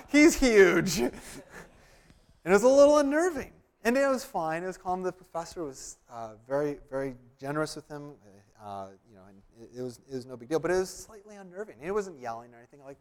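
A man preaching a sermon in a church room. He talks casually and tells stories, restarting his sentences and filling gaps with "um" and "uh". His voice sits a little higher than most men's. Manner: conversational, storytelling with restarts and fillers. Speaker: pastor.

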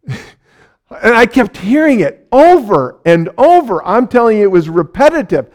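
A middle-aged man preaching a sermon, telling a personal story with lively repetition for emphasis. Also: sits high, measured pace. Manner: animated storyteller, repeats phrases for emphasis; ends in a quiet closing prayer. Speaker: pastor.

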